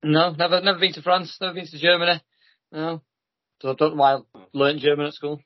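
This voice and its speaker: A man's voice: a little high, level tone, fast talker, highs cut off. A man co-hosting a podcast, giving short shy replies with easy laughs in casual chat. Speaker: podcast co-host.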